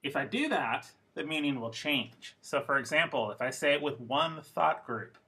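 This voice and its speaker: Husky guy teaching english pronunciation, slow and careful, bright pushy tone. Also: on the high side, expressive. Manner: slow, careful, demonstrative delivery with model phrases. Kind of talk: classroom pronunciation lesson.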